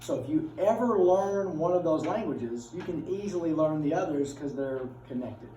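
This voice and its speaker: A man's voice: fairly high pitch, animated, normal speed, mellow, a little hiss or hum. A middle-aged man, teaching a class in a casual, joking, chatty way. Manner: folksy, joking, chatty with students. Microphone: far from the speaker. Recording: roomy classroom from far off.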